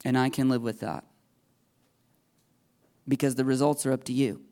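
A man's voice: medium pitch, steady tone, moderate pace, mellow. A middle-aged man preaching a sermon in a conversational, emphatic way, acting out the voices he quotes. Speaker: pastor.

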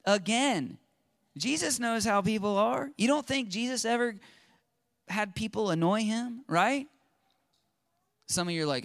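A man preaching a sermon in an animated way, acting out quotes and swinging from loud to hushed. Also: high voice, unhurried, pauses often, dry recording, studio quality. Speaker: pastor.

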